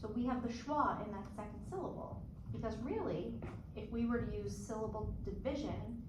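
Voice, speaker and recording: A woman teaching a one-on-one phonics lesson, patient, slow and clear, stretching out sounds. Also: a little high. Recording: echoey room, distant mic, background noise.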